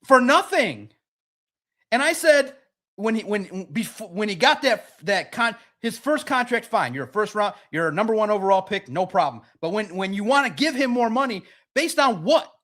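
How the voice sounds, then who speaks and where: A man's voice: sits high, lively intonation, normal speed, fairly bright tone. A man hosting a sports podcast, ranting in an emphatic, repetitive and mocking way. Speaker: podcast host. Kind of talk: heated sports podcast rant.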